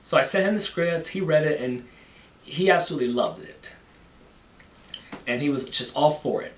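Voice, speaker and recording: A man casually talking about making his own film, halting and often repeating words as he restarts. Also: fairly high pitch, slight background noise. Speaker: amateur filmmaker. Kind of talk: casual behind-the-scenes talk. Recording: echoey room, mic at a distance.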